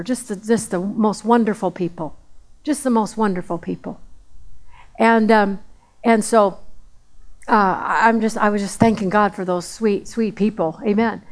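A woman's voice: medium pitch, fairly even intonation, normal speed. A woman preaching a sermon in a conversational way, repeating phrases for emphasis.

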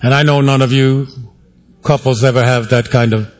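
A man's voice: medium pitch, fairly even intonation, moderate pace. A male pastor preaching a sermon to his congregation in a wry, conversational way, asking for amens and hands raised. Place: church sanctuary.

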